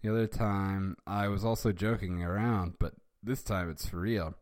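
A man's voice: on the low side, fairly even intonation, moderate pace, darkish tone, lightly acted. A man voicing an angry schoolyard bully boy who makes threats. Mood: threatening.

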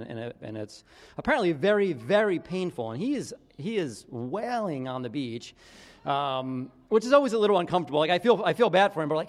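A middle-aged man preaching as a pastor, telling a story in a casual, animated way with quoted voices. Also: fairly high pitch, long reverb tail. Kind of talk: conversational sermon storytelling.

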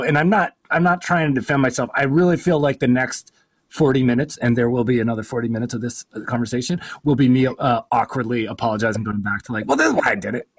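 A man's voice: medium pitch, breathy edge. A man in his forties, a podcast host, talking casually and rambling in a self-deprecating way, often laughing at himself, on a home studio mic. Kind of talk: casual conversation. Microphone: home studio mic with a makeshift sound booth.

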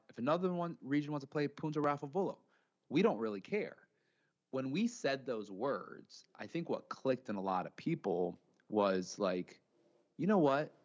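A man's voice: mid-range voice, lo-fi sound. A man co-hosting a podcast in casual chat, telling stories and making his points with growing energy. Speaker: podcast co-host.

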